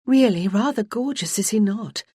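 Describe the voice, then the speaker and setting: A woman's voice: mid-range voice, expressive, moderate pace, dark tone, husky, dry recording, clean studio sound, voice pushed up. A woman voicing a playful, mischievous noblewoman in an audiobook. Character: Judith, mischievous married noblewoman.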